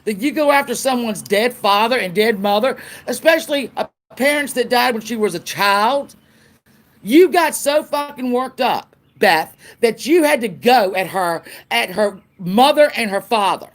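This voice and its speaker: Speaking at a normal speed, this woman with a fairly high voice delivers an angry livestream rant as a YouTuber. She stays animated, profane, and confrontational, hammering lines home by repeating them.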